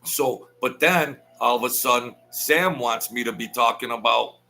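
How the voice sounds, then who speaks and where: A man telling stories in a rambling, animated way, often repeating himself and acting out quoted voices. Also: medium pitch, normal speed, creaky. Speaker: host telling stories from mob life. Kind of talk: casual storytelling monologue. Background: lawnmower outside.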